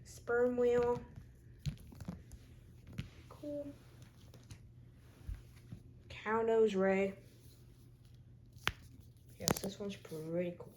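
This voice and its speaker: A woman's voice: on the high side, a little mellow, a little hiss or hum, rough recording. A woman in a casual show-and-tell vlog, chatting as she lists her figures one by one with short comments. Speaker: toy collector showing her figures.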